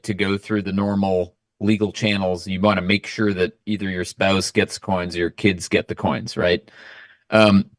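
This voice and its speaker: Low-voiced man explaining in a dry recording. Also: no echo. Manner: thoughtful, measured explanations. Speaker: guest. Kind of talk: casual chat.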